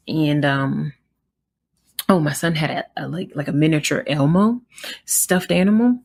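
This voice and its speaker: Low gravelly Southern American woman. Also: expressive, measured pace, pauses often. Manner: conversational, frequent fillers, indignant storytelling. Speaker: podcast host. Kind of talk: casual storytelling monologue.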